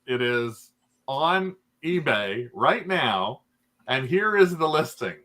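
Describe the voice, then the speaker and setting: Animated, bright-voiced man hosting a chat. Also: medium pitch, slow pace. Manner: animated, laughs often, reacts with exclamations. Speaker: podcast host. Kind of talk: casual chat.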